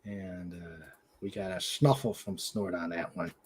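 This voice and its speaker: A man with a New England accent hosts a casual web show, cracking jokes and laughing often. His voice is low and husky, his tone steady and his pace unhurried.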